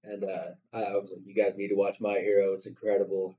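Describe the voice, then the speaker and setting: A man's voice: deep voice, completely flat delivery, quick pace, mellow, muffled recording. A man hosting a podcast, chatting casually and telling a story. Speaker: podcast host. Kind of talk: casual interview chat.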